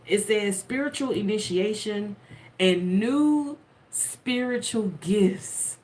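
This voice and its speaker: Woman tarot vlogger, unhurried and playful, laughs a lot. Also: mid-range voice. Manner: animated, laughing often, chatty and playful. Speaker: tarot content creator. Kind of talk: casual storytelling to camera.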